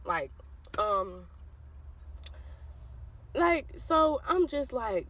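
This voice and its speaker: A woman with a Southern US accent telling a childhood story to her viewers in a casual, animated way, acting out the voices of the people in it. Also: high-pitched, slow pace, long pauses, poor audio. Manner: animated, addresses viewers as y'all, acts out quoted voices.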